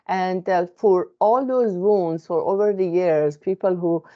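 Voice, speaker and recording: A woman's voice: lowish voice, muffled recording. Earnest woman with a non-native English accent. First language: not English. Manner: earnest, halting, many fillers and restarts. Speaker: therapist. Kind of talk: reflective self-help monologue.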